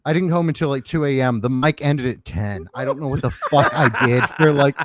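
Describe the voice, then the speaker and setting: A man's voice: mid-range voice, brisk, a bit bright, no room sound. A young man from Oklahoma telling crude, self-mocking stories on a podcast, laughing through them. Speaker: podcast guest, comedian. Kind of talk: casual storytelling chat.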